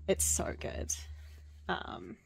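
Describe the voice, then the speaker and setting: A woman's voice: drawn-out words, dry recording. Chatty woman book vlogger, dry sound. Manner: rambling, many fillers and restarts. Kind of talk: casual chat. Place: at home.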